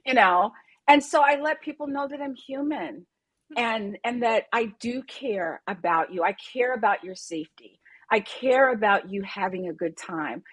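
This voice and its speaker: Soft-spoken woman, husky voice. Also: fairly high pitch, animated, normal speed, no echo. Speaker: Pilates instructor, guest speaker. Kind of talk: conference panel conversation.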